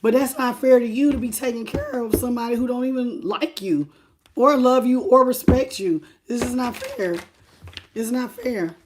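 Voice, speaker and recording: Woman tarot reader on a livestream, a bit high-pitched, animated and direct with her viewers. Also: normal speed, noisy background. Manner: animated, talks straight to the viewer and greets chat by name; repeats phrases for emphasis. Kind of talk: live tarot reading.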